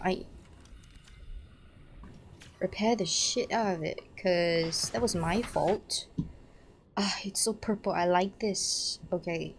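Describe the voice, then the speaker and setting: A young woman streaming a game, chatting casually, excitable, swearing and laughing at her own mistakes. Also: mid-range voice, slight background noise.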